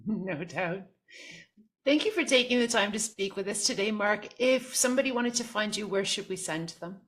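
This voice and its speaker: A woman's voice: mid-range voice, lively intonation, normal speed, a bit bright. A woman hosting an interview, thanking her guest and asking brief, polite closing questions. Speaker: host. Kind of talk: interview wrap-up.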